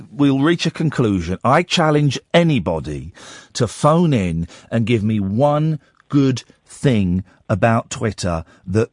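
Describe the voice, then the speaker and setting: A male radio host with a croaky voice, talking casually in a rambling, sardonic, ranting way into a studio microphone. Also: lowish voice, darkish tone, dry recording. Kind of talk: casual late-night radio talk.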